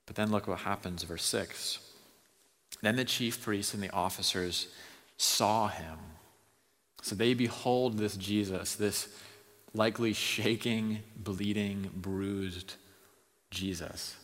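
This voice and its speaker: A man with a fairly low but bright, forceful voice preaches a sermon. He drops to a near whisper and then builds to loud, fervent preaching. His voice rings out with a long reverb, as in a large hall. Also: steady tone, takes it slowly. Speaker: pastor.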